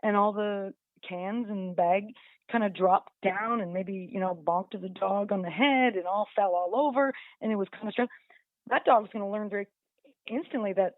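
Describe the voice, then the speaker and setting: On a radio interview over a dry, tinny, phone-like line, a woman dog trainer with a medium-pitched voice chats casually at normal speed. She says "you know" a lot and acts out dogs and owners as she explains, with no echo.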